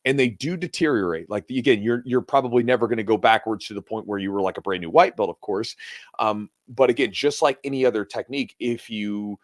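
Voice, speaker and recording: Animated male podcaster, dry close sound. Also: fairly low pitch, brisk, no echo. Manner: animated storyteller, acts out voices in the story. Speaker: podcast co-host. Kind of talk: casual chat.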